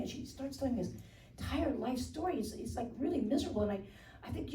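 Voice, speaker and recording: A woman's voice: high-pitched, expressive, a little fast, mellow, reverberant, far from the mic, a little hiss or hum. Rambling older woman doing stand-up. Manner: rambling, self-deprecating, laughing at her own jokes. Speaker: stand-up comedian. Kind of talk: stand-up comedy routine. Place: stage before a live audience.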